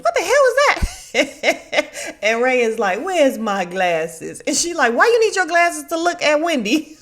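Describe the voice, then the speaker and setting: Woman, young adult, podcast host, casual recap, laughing, animated quotes. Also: medium pitch. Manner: chatty, laughing, acts out quotes with big swings. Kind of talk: casual chat.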